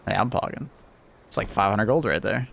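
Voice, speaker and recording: A man's voice: fairly low pitch, a little fast, gravelly, a bit bright, a little hiss or hum. A man streaming a video game and chatting casually with a friend, loose and joking, swearing freely. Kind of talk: casual gaming chat.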